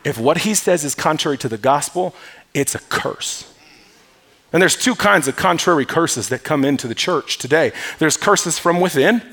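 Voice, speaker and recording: A man's voice: a little high, fairly bright tone. A male pastor preaching a sermon in an emphatic way, calling on the congregation to respond. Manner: emphatic, calls for audience response. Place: church.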